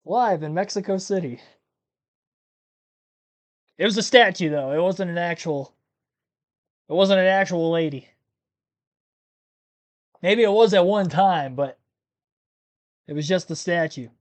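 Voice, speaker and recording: A man from Ohio hosts a live race-watching stream, chatting casually in a high voice that's a little slow, with long pauses. He rambles, laughs while talking, and keeps correcting himself.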